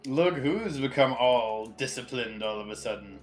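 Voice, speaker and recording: Male game master voicing a creepy, smug old man for a tabletop game; sly, quiet taunts, mid pitch. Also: expressive, normal speed, soft background music, natural voice. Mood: taunting.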